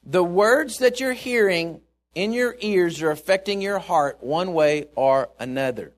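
A man preaching a sermon, stressing key points and dropping low for asides. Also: lively intonation, a little slow.

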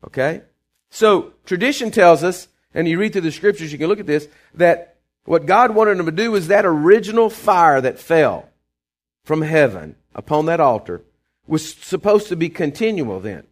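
A man with a slightly high voice preaches in a folksy, conversational style. He checks in with the congregation often and moves between quiet asides and emphatic bursts. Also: lively intonation, moderate pace. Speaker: pastor. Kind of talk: sermon.

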